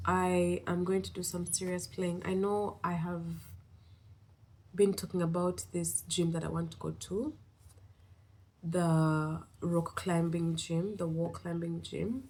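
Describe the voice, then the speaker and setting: A woman from East Africa records a relaxed vlog update, her voice sitting a touch low. She rambles cheerfully and gushes with gratitude. A slight breathlessness runs under her words. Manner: rambling, upbeat and effusively grateful. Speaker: vlogger. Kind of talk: casual vlog check-in.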